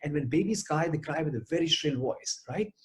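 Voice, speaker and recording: A man's voice: on the high side, animated, fairly quick, a little hiss or hum. A man giving a motivational talk, emphatic and repeating key phrases for effect. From India. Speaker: motivational speaker.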